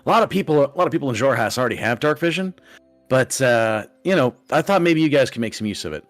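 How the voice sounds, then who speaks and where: A man's voice: medium pitch, animated, fast talker, faint music behind, pitched above the performer's own voice, close to an everyday voice. A man voicing a friendly, chatty male trader who rambles casually.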